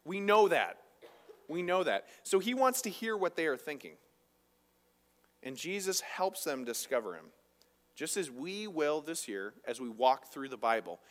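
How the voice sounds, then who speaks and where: A man's voice: a little high, very animated, moderate pace, a bit bright, big-room sound. A man preaching a conversational sermon as a pastor, often asking his listeners rhetorical questions.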